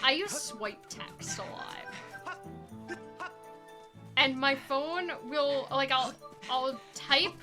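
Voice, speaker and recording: Young woman streamer, casual chatter, lively pitch, game music behind. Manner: chatty, filler-heavy, rambling. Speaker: speedrunner streaming. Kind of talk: casual chat while playing a game.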